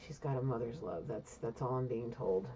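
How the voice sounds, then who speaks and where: A woman's voice: extremely low pitch, moderate pace, dark tone, slight background noise. A woman giving a casual intuitive reading, asking spirit questions aloud and answering them, blunt and swearing freely. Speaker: intuitive reader. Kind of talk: casual solo psychic reading. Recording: dull lo-fi recording.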